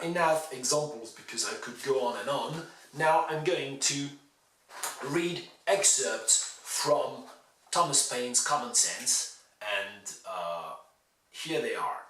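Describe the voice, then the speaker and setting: A male teacher giving a pronunciation lesson, saying words slowly and stressing each syllable with care. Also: mid-range voice, pushed and bright. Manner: slow, deliberate, exaggerated stress on words. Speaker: university English teacher. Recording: roomy, from a distance off mic.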